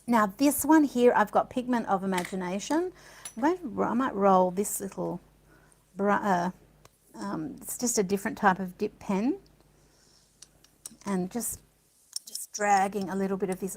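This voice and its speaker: A woman's voice: medium pitch, a little slow, rough recording. A woman giving a casual art demonstration, chatting and thinking aloud as she works, with delighted little gasps. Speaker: art supplies presenter.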